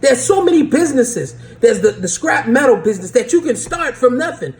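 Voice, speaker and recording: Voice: sits high, sing-song, brisk, a crowd in the background. A vlogger giving an impassioned rant to camera, urgent and repetitive, often stumbling over repeated words and laughing through the lines.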